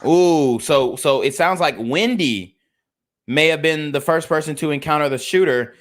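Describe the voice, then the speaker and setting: A man's voice: on the high side, moderate pace. A man hosting an online commentary channel, reacting bluntly and profanely to news clips and plugging his channel.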